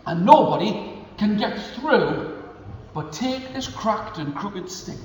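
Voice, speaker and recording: A man doing a gentle, grateful old man. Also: sits high, expressive, slow. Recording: echoey hall, faint room noise.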